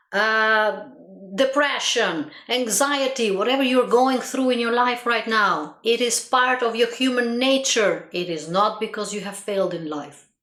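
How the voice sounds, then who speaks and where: A woman's voice: medium pitch, a bit bright. A woman giving an earnest reflective monologue as a motivational speaker, who repeats herself for emphasis and laughs at her own stories. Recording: roomy echo.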